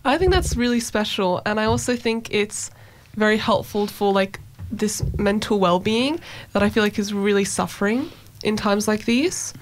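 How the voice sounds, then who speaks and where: A woman's voice: medium pitch, normal speed. A woman interviewing a guest, asking encouraging questions. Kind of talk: casual interview.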